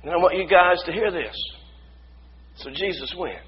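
A man's voice: high-pitched, normal speed, muffled recording, slight background noise. Male pastor, impassioned sermon, faint room ambience behind. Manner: impassioned preaching, building to shouts.

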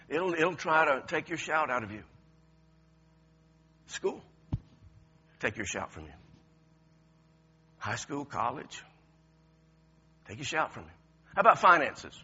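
A man preaching a sermon, moving from quiet, intense passages to loud shouted ones, often laughing as he talks. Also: on the high side, lively intonation, unhurried, long pauses, slightly rough. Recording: lo-fi, dull sound.

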